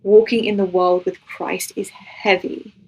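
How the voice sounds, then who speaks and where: A woman with a husky, breathy voice recounts a personal faith testimony as an interview guest. She speaks at an ordinary pitch and tells her story earnestly and with feeling, acting out the dialogue as she goes. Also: little pitch movement, measured pace, a little mellow, rough recording. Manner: earnest, emotional storytelling that acts out what was said.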